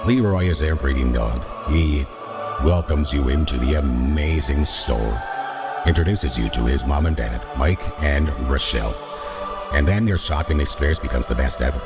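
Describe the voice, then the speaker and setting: A man putting on the voice of a grand, calm, very deep male narrator for a sponsor ad read. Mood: solemn, warm. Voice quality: very deep and unhurried. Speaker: ad reader. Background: loud music bed.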